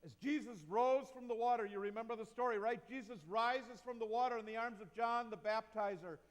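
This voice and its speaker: High-voiced pastor in a reverberant church. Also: male voice, steady tone, a little fast. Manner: reflective, asks the congregation questions. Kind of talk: sermon. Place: church sanctuary. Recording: long reverb of a church hall.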